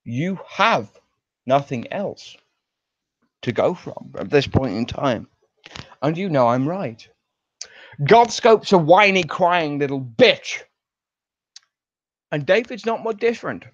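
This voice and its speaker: A man rants in fury, stretching out his words slowly and letting his pitch leap wildly up and down. The sound is dull and lo-fi, dry with no room around it. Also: lively intonation, no room sound. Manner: furious, profane, drawn-out emphatic delivery. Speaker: online show personality. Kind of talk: angry ranting monologue.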